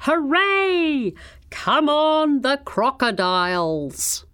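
Brief: storybook crocodile, male, cheery but easily cross, higher and slower than the narration, read by a woman. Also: sing-song, no room sound, studio quality. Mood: cheering.

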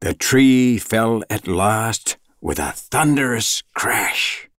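A man reading a legend aloud as storybook narration, slow and expressive with dramatic pauses. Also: fairly low pitch, dry recording, studio quality.

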